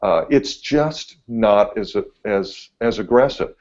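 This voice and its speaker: A laid-back man, a TV meteorologist, telling a story on a podcast, getting animated as he goes. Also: fairly low pitch, slow pace. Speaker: TV meteorologist guest. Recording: dull lo-fi audio.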